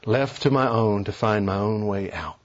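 A man preaching a sermon, emphatic and building to forceful declarations. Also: fairly low pitch, normal speed, highs cut off.

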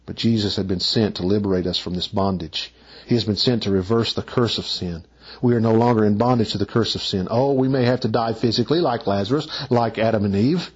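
Guy preaching, husky voice, kinda dull lo-fi recording, pushes his pitch up on the big points. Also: fairly quick. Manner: rises in pitch when stressing points, emphatic preaching. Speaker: pastor. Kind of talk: sermon.

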